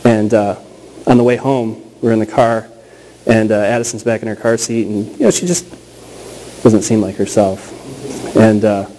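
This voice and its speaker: A pastor in his thirties preaching a sermon in a conversational, storytelling way, slowing down and repeating key phrases for emphasis. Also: on the low side, mellow, slight background noise, rough recording.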